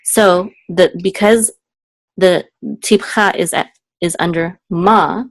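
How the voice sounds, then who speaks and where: A woman's voice: steady tone, no room sound. A woman teaching a student one-on-one in a casual, patient way, explaining step by step, checking in often and singing out syllables as examples. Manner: sings syllables higher and slower as examples. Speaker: Hebrew cantillation teacher.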